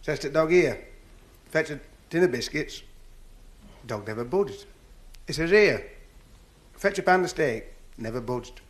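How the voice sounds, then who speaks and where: A man's voice: a little high, animated, measured pace, pauses often. A man with a Northern English accent telling stand-up jokes in a chatty, folksy dialect before a live audience. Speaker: stand-up comedian.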